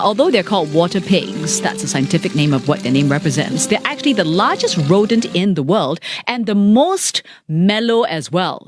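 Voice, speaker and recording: Brief: woman host, animated pitch, bubbly live-radio chat, dry studio mic. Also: dry recording. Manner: bubbly, chatty, reads out listener messages.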